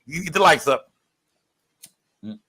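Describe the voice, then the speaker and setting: A young man hosting a casual livestream, rambling and profane, giving constant shout-outs to his viewers. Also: on the high side, lively intonation, unhurried, husky. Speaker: livestream host.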